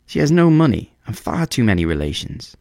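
A man's voice: mid-range voice, very animated, fairly quick, vocal fry, mellow, no echo, studio quality, voice pushed up. A man voicing a flock of sniffy, gossiping swallows in a storybook reading. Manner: sniffy and disapproving.

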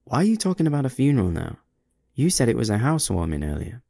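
A man voicing a frightened, confused woman teacher who insists shakily on what she heard, higher than his own voice. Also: normal speed, creaky, warm tone, husky, dry recording, clean studio sound. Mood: confused, insistent. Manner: trembling yet insistent.

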